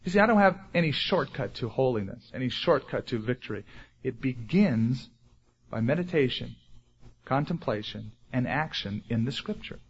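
A man preaching a sermon in an earnest, deliberate way, slowing down and rising in force on questions. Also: mid-range voice, expressive, lo-fi sound, slight background noise. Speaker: pastor.

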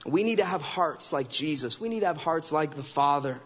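Guest preacher, male, slightly high voice; emphatic, repeats phrases; dull recording in a sanctuary. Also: lively intonation, normal speed, a bit bright, breathy edge. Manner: emphatic, acts out quoted remarks in character voices. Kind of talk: sermon. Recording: dull recording with long hall reverb.

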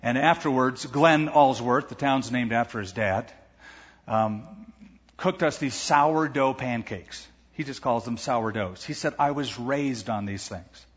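Male pastor, conversational preacher, husky tone, long hall reverb, muffled recording. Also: medium pitch, a little slow. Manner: conversational expository preaching with asides. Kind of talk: sermon. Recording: echoey hall, dull lo-fi sound.

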